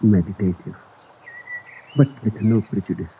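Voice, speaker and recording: A man giving a spiritual discourse in a slow, deliberate and emphatic way, on an old recording. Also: lowish voice, a little hiss or hum. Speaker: spiritual teacher. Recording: tinny lo-fi archive recording.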